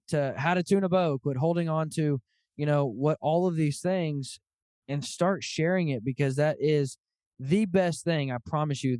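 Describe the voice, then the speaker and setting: Podcast host guy, smooth clear voice, dry close mic, earnest storytelling. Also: on the high side, darkish tone, no echo. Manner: earnest storyteller who acts out quoted dialogue. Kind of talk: casual podcast conversation.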